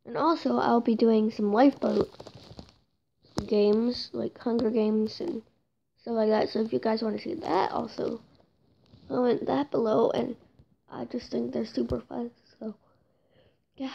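A woman's voice: on the high side, steady tone, a little slow, gravelly, pauses often, mellow, a little hiss or hum. A woman giving casual, chatty game commentary from home, often mocking herself and apologizing, on a dull home mic. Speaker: gameplay commentator. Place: home room with noisy brothers and a cat.

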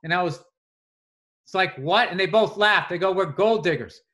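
A man co-hosting a podcast, telling animated stories in casual chat and swearing freely. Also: high-pitched, normal speed. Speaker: podcast co-host.

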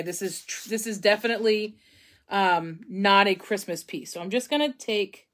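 A woman's voice: mid-range voice, poor audio. A woman, hosting a casual live painting tutorial, chatty and rambling as she talks to viewers while she works at home. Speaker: craft live-stream host.

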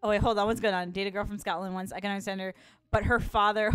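A woman's voice: medium pitch, steady tone, fast talker, clear, resonant tone, dry recording, faint music behind. A young woman with a Chicago accent, casually chatting on a live stream, laughing often and reacting to chat. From Chicago, USA.

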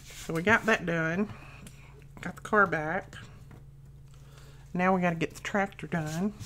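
A woman's voice: lowish voice, measured pace, fairly bright tone, a little hiss or hum. Chatty homey woman crafting. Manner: chatty, homey, rambling storyteller. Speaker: crafting channel host. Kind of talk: casual crafting chat.

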